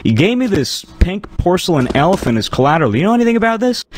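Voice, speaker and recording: A man's voice: high voice, very animated, fast, a little mellow, slight background noise, voice pushed up. A man doing a puzzled bank clerk woman.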